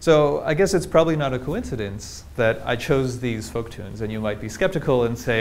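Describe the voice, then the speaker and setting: A man's voice: medium pitch, a little fast, hardly any pauses. A man giving a public linguistics lecture with slides, explaining things plainly and throwing rhetorical questions at the audience.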